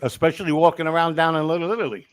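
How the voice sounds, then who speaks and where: A man's voice: a little high, racing, clear, resonant tone. A man speaking as a guest in a casual chat, blunt and profane, often chiming in.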